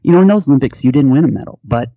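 Male interview host, warm mellow voice, dry close sound, admiring tone. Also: mid-range voice, animated, very fast, no echo. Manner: admiring, emotionally engaged questioning. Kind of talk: casual interview.

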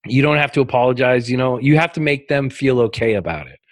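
Quick-paced and animated, a medium-pitched man trades darkly comic, rambling stories as a podcast guest, stumbling through fillers and restarts along the way. The recording has no echo.

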